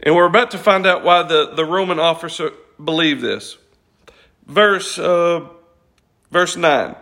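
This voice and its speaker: A man with a fairly high voice preaches a morning sermon as pastor. He talks earnestly and conversationally, sometimes tripping over a word and starting it again. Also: a little slow, pushed and bright. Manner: earnest, conversational, self-correcting.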